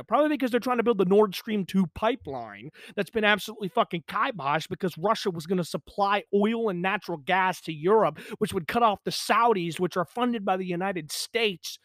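A young man rants on his own podcast, agitated and profane, swearing through every sentence. His voice sits high, and the recording is dry and close with no room sound. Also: brisk, hardly any pauses, a bit bright, no room sound. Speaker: podcast host. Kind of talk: ranting solo podcast. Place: pump house in the countryside.

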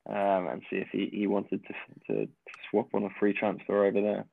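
A man's voice: lowish voice, fairly quick, creaky, no echo. A man joining a casual chat as a guest, speaking hesitantly over a phone line.

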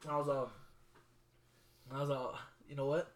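A man co-hosting a casual sports podcast, telling stories with a lot of swearing and loud bursts when he gets excited. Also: medium pitch, moderate pace, heavy background noise. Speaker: podcast co-host.

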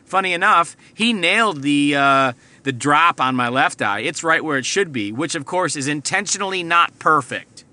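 A man's voice: fairly high pitch, animated, normal speed, few pauses, pushed and bright. A man hosting a podcast, telling a rambling, profane story from inside his car. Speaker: podcast host. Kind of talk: casual storytelling monologue.

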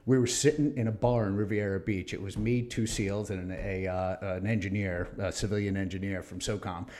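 A man's voice: lowish voice, fairly quick. A man in his fifties, a retired Navy officer as the guest in a casual interview, telling stories and acting out the voices of people he quotes. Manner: animated storyteller acting out quoted exchanges.

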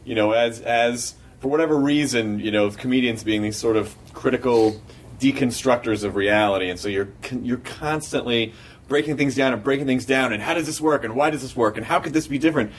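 A man's voice: mid-range voice, fairly quick, breathy edge, far from the mic. A man hosting an interview, thinking through his ideas step by step in casual chat.

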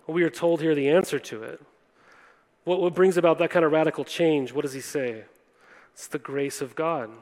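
A man's voice: on the high side, moderate pace, darkish tone. A young man preaching a sermon earnestly, addressing listeners directly and often checking in with "right?". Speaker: pastor. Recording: long hall reverb.

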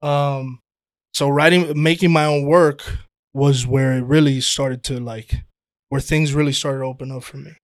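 A man chatting casually as a podcast guest, telling animated stories, swearing freely and calling people "dude". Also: mid-range voice, normal speed, no room sound, studio quality. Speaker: guest, actor and playwright.

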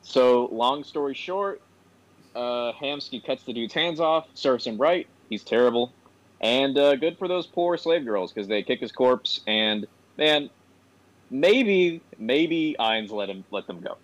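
Male podcast host, middle-pitched, loose rambling recap, dry recording. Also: lively intonation, slow, no echo, highs cut off. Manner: rambling, full of "um" and "like". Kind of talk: casual chat.

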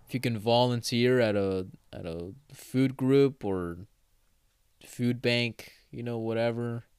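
A man's voice: mid-range voice, slow, darkish tone, smooth, no room sound, studio quality. A man hosting a solo podcast, rambling casually with swearing and self-corrections, having just woken up. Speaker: podcast host.

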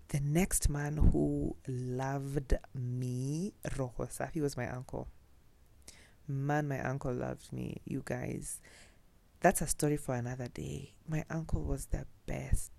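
A woman's voice: very deep voice, gravelly, dark tone, no echo. A young Kenyan woman chatting casually and telling personal stories, mixing in Swahili phrases and laughing often. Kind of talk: casual storytelling.

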